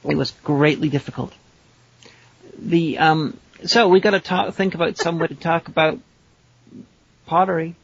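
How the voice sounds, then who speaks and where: An English man chats on a podcast with a slightly raised pitch, hesitating with ums and pausing for effect. The sound is dry and a little dull. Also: fairly even intonation, vocal fry, husky, no room sound. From England. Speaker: podcast co-host. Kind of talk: casual chat. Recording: dry, somewhat dull lo-fi audio.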